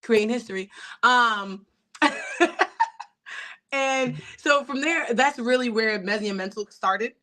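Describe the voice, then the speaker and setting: A woman comedian from New York, a guest chatting in a casual interview, playful and quick to laugh. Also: on the high side, pushed and bright.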